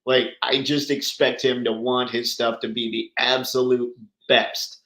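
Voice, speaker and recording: Man, livestream host, casual and enthusiastic, mid-pitched voice, roomy echo. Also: flat delivery, a little slow, bright, forceful tone. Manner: chatty, enthusiastic, answers viewers by name.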